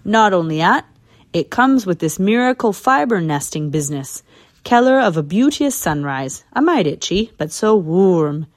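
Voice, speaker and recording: A woman's voice: fairly low pitch, very animated, moderate pace. Lady reading chatty squirrel guy, bragging, storybook voice. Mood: boastful. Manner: chatty, boastful. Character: folksy male squirrel, proud homeowner.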